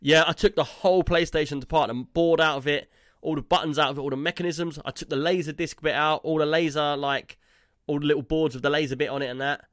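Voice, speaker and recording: A man's voice: fairly high pitch, fairly even intonation, fast talker, a bit bright, dry recording, clean studio sound. A man, a podcast co-host telling a rambling story in casual chat, tagging his lines with "yeah?" and "like".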